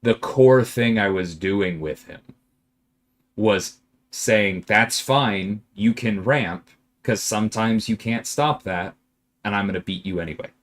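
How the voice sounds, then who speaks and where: A man's voice: lowish voice, takes it slowly. A man streaming a game and answering viewer questions in casual chat, emphatic and exasperated at times. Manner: animated, emphatic, exasperated rants with laughter; reads viewer questions aloud and answers them.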